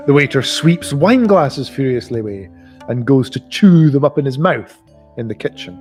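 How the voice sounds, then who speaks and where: A man reading a novel aloud in a live reading, expressive and giving the characters voices. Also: mid-range voice. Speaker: audiobook reader.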